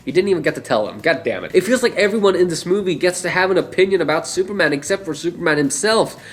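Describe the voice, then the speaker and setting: A man's voice: high voice, lively intonation, fast talker, a little hiss or hum. A young man giving a casual, rambling movie opinion, laughing often and swearing. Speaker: movie reviewer.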